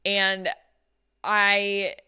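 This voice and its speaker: Bright-voiced woman telling an exasperated story. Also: mid-range voice, extremely slow, clean tone. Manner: animated, exasperated retelling with many likes. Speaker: vlogger. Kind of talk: storytime vlog. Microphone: laptop built-in mic.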